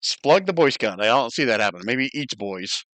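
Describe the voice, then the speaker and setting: A man's voice: medium pitch, animated, moderate pace, fairly bright tone, dry recording. A man acting as game master, running an online tabletop game in a chatty, joking way and thinking aloud as he works the map.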